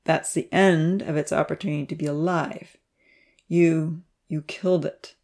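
A woman voicing a calm, kindly grown man who talks slowly and heavily in a storybook reading. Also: low voice. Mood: grave. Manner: slow, heavy, measured speech.

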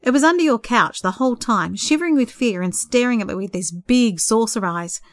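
A woman's voice: a little high, animated, a little fast, no echo, clean studio sound, lightly acted. A woman reading the part of a courteous young bachelor who talks in an earnest, slightly nervous way. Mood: friendly. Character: young adult bachelor man, courteous, sheepish.

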